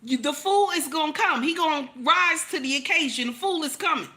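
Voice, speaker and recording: A woman with a fairly high, bright and forceful voice delivers relationship advice commentary. She hammers points home by repeating lines and throwing teasing rhetorical questions at her listeners. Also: animated, fairly quick.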